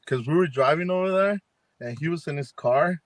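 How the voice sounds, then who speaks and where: A man's voice: on the high side, brisk, dry recording. A man, a paranormal investigator, telling a ghost story in a rambling way on a video call, acting out what people said with lots of fillers. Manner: rambling, acts out quoted dialogue with many fillers. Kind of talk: casual storytelling on a live chat.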